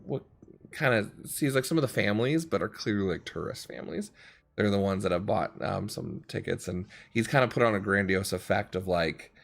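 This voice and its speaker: Man, game master, low gravelly voice, relaxed, many ums. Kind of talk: narrating a tabletop game.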